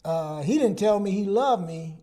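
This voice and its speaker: This sixty-something psychologist, a guest in a relaxed chat, speaks at normal speed in a voice that sits high. He tells personal anecdotes with animation, acting out the quoted lines.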